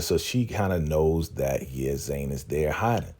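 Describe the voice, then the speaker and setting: A man's voice: very deep voice, expressive, normal speed, a little mellow. A man hosting a casual TV episode recap, talking in slang and acting out the characters' lines. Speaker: host.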